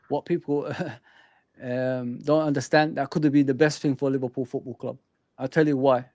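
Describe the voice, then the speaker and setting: A man who is a guest in a casual football fan chat. He is animated, repeats himself and often addresses the host by name. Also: on the high side, dry recording.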